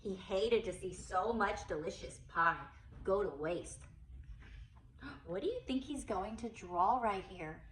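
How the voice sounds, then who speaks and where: A young woman, a preschool teacher, reading a picture book aloud to a toddler in an animated, coaxing, sing-song way. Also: mid-range voice, slow pace, reverberant, far from the mic, slight background noise, rough recording.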